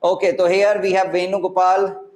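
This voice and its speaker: A man's voice: high-pitched, completely flat delivery, normal speed, a little mellow. Upbeat Indian man teaching online. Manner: chatty, encouraging, mixes Hindi words into English. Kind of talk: live online class talking to students. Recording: echoey room.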